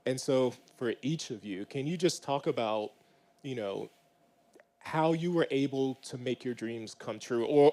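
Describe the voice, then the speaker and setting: A male moderator at a live panel speaks in a mid-pitched, even voice. He frames his questions reflectively and warmly before handing them to the guests.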